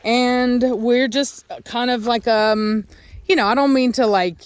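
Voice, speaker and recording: A woman chatting casually outdoors, loud and talkative, often calling out to her dogs. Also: a little high, fairly even intonation, a little slow, smooth, low-quality recording. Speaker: vlogger and dog breeder. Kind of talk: casual outdoor vlog chat. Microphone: handheld phone camera.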